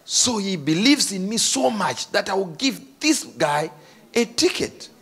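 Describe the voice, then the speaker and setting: A man preaching a sermon as a story, animated and jokey, laughing between his lines. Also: high voice, husky.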